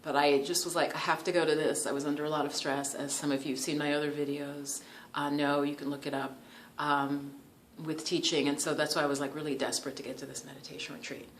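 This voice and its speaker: A woman's voice: deep voice, quick pace, a little hiss or hum. Chatty New woman telling a story. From New York. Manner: chatty, animated, laughs often, many "like" fillers. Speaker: yoga and meditation vlogger. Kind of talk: casual storytelling to camera.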